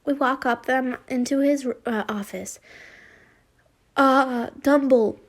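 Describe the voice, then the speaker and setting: A woman's voice: sits high, normal speed. A woman casually reading fan fiction aloud, giggling and breaking off into chatty rambling asides.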